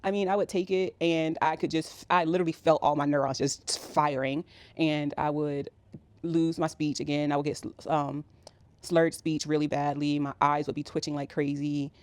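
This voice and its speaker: A woman's voice: sits low, fairly even intonation, moderate pace. A woman in her thirties telling a personal story in a casual, rambling way, with many fillers. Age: 30s. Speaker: vlogger.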